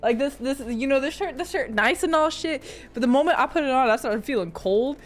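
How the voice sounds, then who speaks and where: A woman's voice: high voice, animated, brisk, soft background music. A young woman streaming a watch party, reacting casually with laughs and swearing. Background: match broadcast audio.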